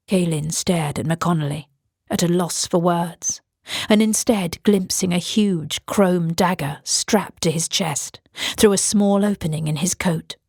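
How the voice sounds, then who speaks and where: A woman narrating a horror audiobook in a measured way. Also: lowish voice, darkish tone, no echo, clean studio sound.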